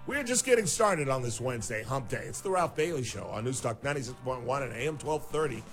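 A man's voice: mid-range voice, lively intonation, fast, soft background music. A man hosting a talk radio show, ranting sarcastically with incredulous outbursts. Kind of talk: opinionated talk radio monologue.

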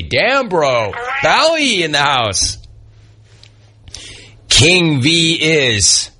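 A male sports talk host reads out listener complaints one after another, tossing in quick wisecracks. His delivery is slow and easygoing, and his voice has a bright, forward edge. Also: fairly high pitch, sing-song. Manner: wisecracking, riffs on each message. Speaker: sports radio host reading listener messages. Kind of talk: casual sports talk show chat.

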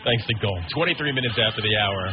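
A man hosting a radio news show, interviewing a guest and chatting with his co-host in a brisk, friendly way. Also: fairly low pitch, music in the background. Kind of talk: live radio interview and banter. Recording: dull lo-fi radio broadcast.

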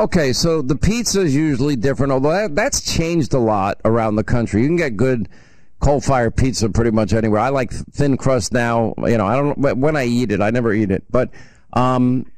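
A man's voice: mid-range voice, lively intonation, moderate pace, a little mellow, no echo. Chatty male radio talk host. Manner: chatty, reminiscing, teasing callers. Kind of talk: casual call-in chat.

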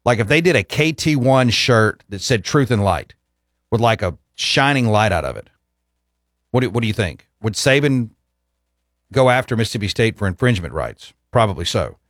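A man's voice: lowish voice, big pitch swings, normal speed, a bit bright, no room sound, studio quality. A man hosting a casual sports talk show, easygoing as he reads out listener texts and chats about college football.

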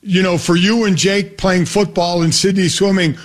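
A middle-aged father tells family stories on a radio sports show. His voice sits high for a man. He rambles, corrects himself mid-sentence and chuckles along the way. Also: steady tone, moderate pace. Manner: rambling, self-correcting, laughing storyteller. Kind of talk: casual storytelling chat.

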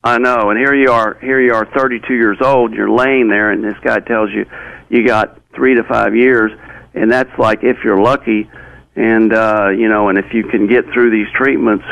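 A man, an interview guest, recounting a personal story in a halting way with many fillers and restarts. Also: fairly low pitch, fairly even intonation, creaky, a bit bright, no room sound, rough recording.

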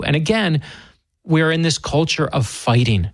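A man's voice: medium pitch, a little fast, vocal fry, no echo. A man being interviewed as an author guest on a talk radio show, speaking in an earnest, emphatic way and often repeating words as he starts a thought.

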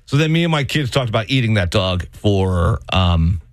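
A man in his thirties telling family stories in casual chat, mimicking others in high voices. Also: sing-song, normal speed, no echo, studio quality.

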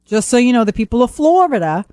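A woman's voice: on the high side, big pitch swings, quick pace, warm tone, dry recording, soft background music. A woman co-hosting a talk radio show, bantering in a teasing, bossy way. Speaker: radio co-host. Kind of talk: playful on-air banter. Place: radio studio.

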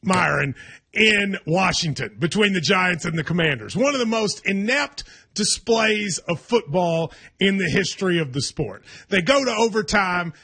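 High bright husky man hosting. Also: animated, normal speed. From Kentucky. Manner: wry, teasing, hedging restarts. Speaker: sports talk show host. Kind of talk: casual sports radio chat.

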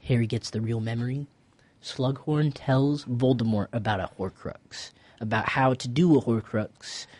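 A young man chats casually as a podcast host, drifting through a recap with plenty of ums and loose slang. His voice sits at an ordinary middle pitch, and his pace is easy and unhurried. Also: a little mellow, dry recording. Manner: laid-back, rambling recaps with many fillers and slang. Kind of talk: casual chat.

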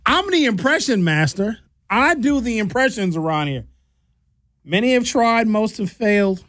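A fairly high-voiced man hosts a talk show into a studio microphone, animated and outspoken as he tells stories and gives blunt opinions. The sound is dry and close, with no room around it. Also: dry recording. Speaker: radio and podcast host.

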